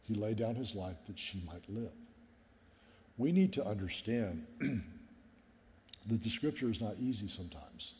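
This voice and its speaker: Brief: middle-aged man, pastor preaching, earnest and personal, lowish voice, long reverb of a hall. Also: lively intonation, measured pace, pauses often, darkish tone. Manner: earnest, personal, often addresses listeners as guys. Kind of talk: sermon storytelling.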